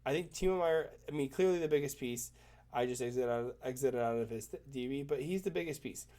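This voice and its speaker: A man's voice: mid-range voice, a little fast, warm tone. Stuffy-nosed man rambling about stats. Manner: rambling, self-correcting, enthusiastic. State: stuffed up with a cold. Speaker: hockey commentator. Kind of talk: casual screen-share commentary.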